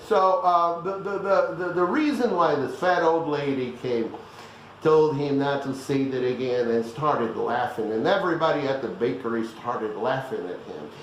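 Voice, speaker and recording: A man's voice: fairly high pitch, heavy reverb, slight background noise, rough recording. A man giving a blunt, teasing pronunciation lesson that keeps checking in with the listeners. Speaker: language teacher.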